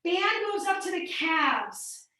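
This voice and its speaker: A woman with an extremely high, sing-song voice speaks slowly in a pushed, bright way as she leads a live online fitness class, upbeat while counting reps and coaching form. She's a fitness instructor, recorded in an echoey room with the mic at a distance.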